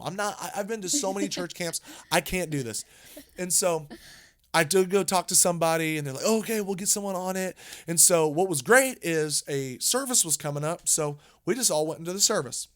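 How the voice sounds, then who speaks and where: A man co-hosting a podcast, telling a story in a casual, animated way, with frequent restarts and repeated words. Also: high voice, a little fast. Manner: animated, rambling with many restarts. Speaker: podcast co-host.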